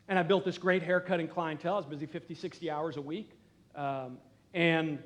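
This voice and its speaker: A middle-aged man preaching as pastor in a church, talking conversationally and earnestly, dropping to quiet emphasis at times. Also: on the high side. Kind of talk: sermon. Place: church sanctuary.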